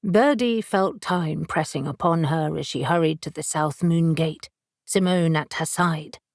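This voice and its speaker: A woman narrating an audiobook in a measured way, giving each character a voice. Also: low-pitched, vocal fry, no room sound, studio quality. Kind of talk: scripted narration.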